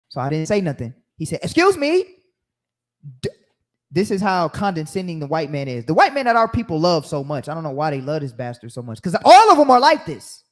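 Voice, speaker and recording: A man giving an animated, sermon-style Bible teaching, telling stories and acting out the voices of others. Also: a little high.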